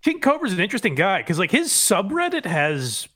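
High-voiced co-host who laughs often. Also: male voice, huge pitch swings, a little fast, bright, forceful tone. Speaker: podcast co-host. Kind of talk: casual podcast chat.

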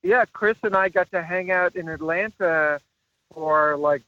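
A man guest on a podcast call, telling loose anecdotes full of fillers and laughter. His voice is on the high side. The line is thin and tinny. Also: unhurried, pushed and bright, no room sound. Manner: rambling storyteller, laughs often, many fillers. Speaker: guest actor. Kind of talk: casual interview over a call. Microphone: phone call.

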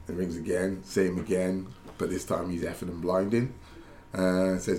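A man's voice: low-pitched, fairly even intonation, normal speed, a little mellow. A man, a former footballer, telling rambling stories in casual chat, laughing and correcting himself as he goes. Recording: roomy echo with faint background noise.

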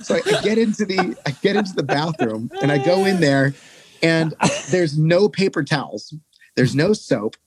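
A man on a podcast telling a tour story, animated and profane, jumping into higher voices for quotes. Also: moderate pace, a crowd in the background. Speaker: podcast guest, touring musician. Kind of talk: casual storytelling.

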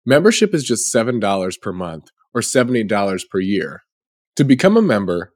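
A man's voice: fairly low pitch, big pitch swings, brisk. A man, a podcast producer, reading a membership appeal in a polite, scripted way. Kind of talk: read membership ad.

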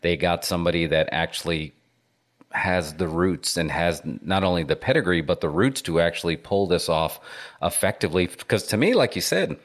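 Deep-voiced man hosting a podcast. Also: animated, normal speed. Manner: curious, rambling questions with fillers. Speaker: podcast host. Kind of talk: podcast conversation.

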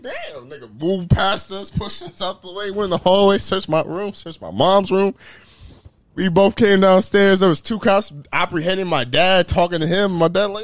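A young man's high voice, at normal speed, carries an animated, profane story told casually to friends, and he laughs while acting out what the characters said.

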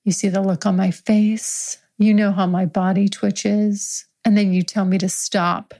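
A young adult woman improvising an intimate story in the second person, speaking close and hushed and slipping into whispers now and then. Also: medium pitch, level tone, unhurried.

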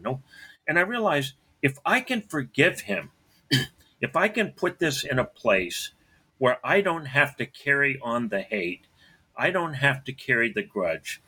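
A man tells a personal story in an earnest, steady way. His voice sits at a middle pitch with a bright, forceful edge. He clears his throat often between phrases. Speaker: son telling a personal story.

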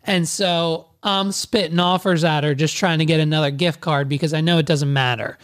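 A man's voice: fairly high pitch, steady tone, normal speed, a bit bright. Sarcastic man telling a rambling story. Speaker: podcaster. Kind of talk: casual comedic storytelling.

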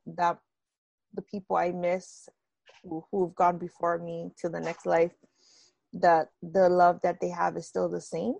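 A woman's voice: on the low side, flat delivery, unhurried, vocal fry, darkish tone, no room sound, dull audio. A woman host reflecting thoughtfully and hesitantly in an interview conversation. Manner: thoughtful, hesitant, many restarts.

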